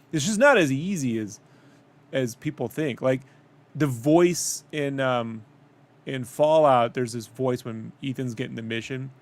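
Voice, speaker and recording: A man co-hosting a casual podcast chat, rambling and swearing as he retells stories and quotes people. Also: mid-range voice. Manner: swearing, rambling, quotes others in animated bursts. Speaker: podcast co-host.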